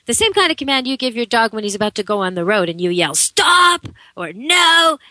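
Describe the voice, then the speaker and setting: A middle-aged woman from Canada hosting a radio show, telling stories in a chatty, animated way with frequent laughs. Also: medium pitch, rapid-fire, no room sound, low-quality recording. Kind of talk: casual chat on air.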